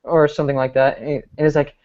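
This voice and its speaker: A young man casually retelling a movie plot for a podcast, rambling with lots of fillers and quick mimicked quotes. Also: fairly high pitch, level tone, a little mellow. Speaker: podcast host recapping a movie. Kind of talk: casual chat. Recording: lo-fi, muffled audio.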